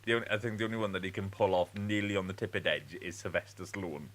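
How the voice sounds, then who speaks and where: A man's voice: deep voice, steady tone, racing, fairly bright tone. A man co-hosting a podcast, rambling through casual banter with frequent restarts. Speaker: podcast co-host.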